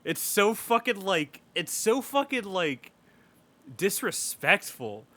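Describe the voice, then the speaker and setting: Man, young adult, podcast co-host, animated profane rant, bright forceful tone. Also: high voice, slow pace, no echo. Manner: animated, profane ranting with frequent laughs. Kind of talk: casual podcast film review.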